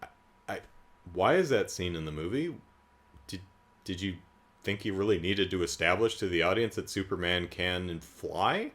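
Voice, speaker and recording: A man's voice: deep voice, animated, normal speed, pauses often, a bit bright. A man giving a casual, comedic movie recap in a sarcastic, incredulous way, rambling with asides. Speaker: movie reviewer.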